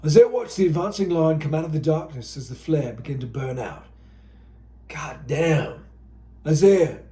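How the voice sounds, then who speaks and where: A man's voice: fairly high pitch, brisk, dark tone, reverberant. A man narrating an audiobook with a dramatic, tense delivery.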